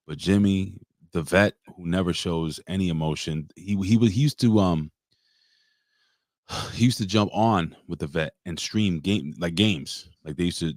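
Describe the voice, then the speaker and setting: Male co-host, very low voice, dry close sound, halting and emotional. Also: darkish tone, dry recording. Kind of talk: casual livestream chat.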